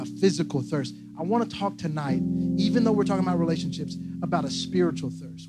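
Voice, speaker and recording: A young man preaching a casual, humorous sermon as pastor, joking, laughing at himself and repeating phrases. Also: fairly high pitch. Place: church service in a large room. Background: loud guitar music.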